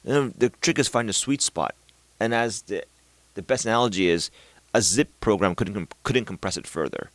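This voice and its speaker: A man's voice: on the low side, normal speed, fairly bright tone, no room sound. A man talking in a casual, unscripted monologue, rambling and thinking aloud with many fillers and restarts, now and then swearing in passing. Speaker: vlogger.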